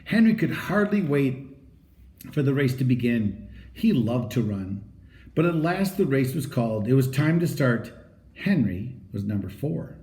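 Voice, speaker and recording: An audiobook narrator with a medium-pitched, mellow and soft-edged voice reads a children's story a little slowly. His delivery rises and falls in a lively, animated, expressive way, and the recording has a clearly roomy echo.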